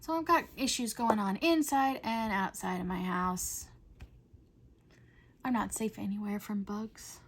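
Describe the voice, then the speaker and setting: A middle-aged woman hosting a coloring video, chatting in a rambling way and often dropping to a soft whisper. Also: mid-range voice, a little slow, a little hiss or hum. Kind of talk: casual chat while coloring.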